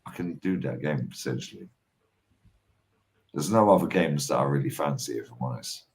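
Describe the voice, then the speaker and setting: A man's voice: very deep voice, animated, moderate pace, a little mellow. A man in casual chat, teasing, bantering and swearing freely.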